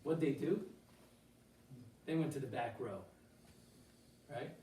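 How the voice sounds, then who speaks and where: A man teaching an informal Torah class in a synagogue hall, animated and full of rhetorical questions, with Hebrew phrases mixed in. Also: mid-range voice, takes it slowly, slight background noise. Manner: mixes in quoted Hebrew phrases. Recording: roomy hall, distant mic, faint ambience.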